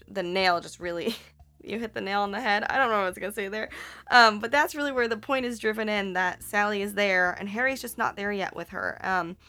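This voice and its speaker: A woman's voice: medium pitch, sharp tone. A woman hosting a casual movie recap, chatty and rambling, correcting herself and swearing playfully.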